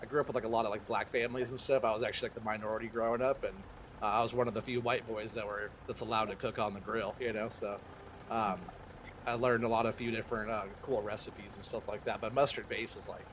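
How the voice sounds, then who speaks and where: A man's voice: fairly low pitch, little pitch movement, fast talker, a bit bright, a little hiss or hum. A man joining a game stream as a guest, chatting in a laid-back, rambling way. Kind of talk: casual chat.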